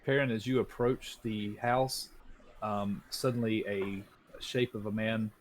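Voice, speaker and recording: Relaxed game master with a lowish voice. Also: male voice, a little slow, a little hiss or hum. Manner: relaxed, hesitant with frequent ums. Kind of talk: narrating a tabletop game.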